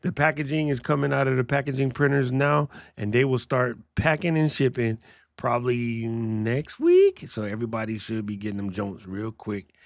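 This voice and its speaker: A man's voice: medium pitch, vocal fry, dry recording, clean studio sound. Joking man hosting a livestream. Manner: joking, laughs often, slangy. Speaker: podcast host. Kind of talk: casual livestream chat.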